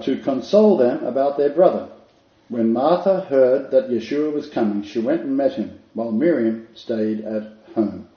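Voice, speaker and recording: A man giving a Bible lecture in a conversational way, with many fillers and restarts, reading scripture aloud. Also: mid-range voice. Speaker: Bible teacher. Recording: dull, roomy hall recording.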